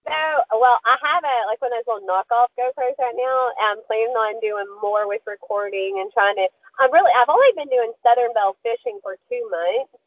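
A young woman guest on a podcast, telling a fishing story in a lively, chatty way and laughing often. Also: fairly high pitch, fairly quick, dry recording. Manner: lively, laughs often, squeals when quoting. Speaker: podcast guest, kayak angler. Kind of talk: casual storytelling interview. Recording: tinny phone-line audio.

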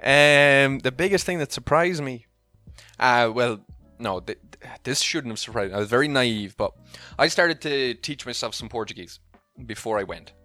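An Irish man telling a story in casual podcast chat, animated and acting out quoted voices. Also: mid-range voice, moderate pace, no room sound, faint music behind. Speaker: podcast co-host.

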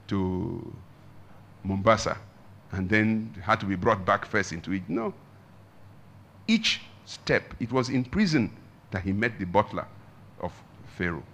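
Emphatic male pastor, low voice. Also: big pitch swings, a little slow, long pauses, fairly bright tone. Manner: emphatic, dramatic swings of pitch and volume. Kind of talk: sermon.

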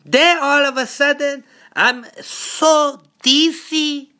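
A man's voice: very high voice, fairly even intonation, takes it slowly, pushed and bright, pitched above the performer's own voice, exaggerated voice. A man putting on a nagging worried mother. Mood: complaining. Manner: broken English, dramatic complaining. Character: worried immigrant mother, broken English, nagging.

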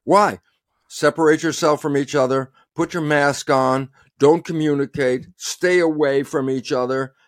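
A man's voice: on the high side, unhurried, no room sound. Emphatic man, dry close sound. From United States. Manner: animated, emphatic, quotes himself often. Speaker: guest scientist. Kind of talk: passionate interview talk.

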